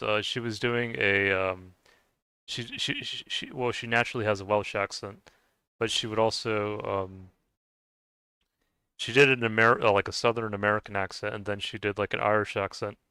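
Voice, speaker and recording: A man with a lowish, smooth voice chats casually with his viewers while he plays a game. He rambles and hesitates, restarting sentences and filling gaps with "um", and often chuckles. The sound is dry and close. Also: sharp tone, no echo. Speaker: game streamer chatting with viewers. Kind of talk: casual chat while playing.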